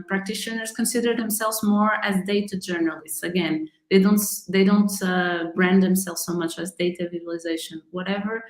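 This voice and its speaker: A woman's voice: mid-range voice, echoey room, poor audio. A woman answering interview questions in a hesitant way, with many fillers and restarts. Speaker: speaker being interviewed.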